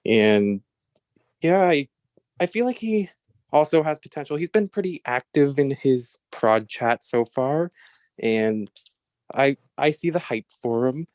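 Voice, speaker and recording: A man on an online panel speaks slowly and easily in a mid-pitched voice. His remarks are wry and unbothered. The sound is dry and close. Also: lively intonation, darkish tone, dry recording, dull audio. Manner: laid-back, wry. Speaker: panelist assessing new cast. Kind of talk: casual panel chat.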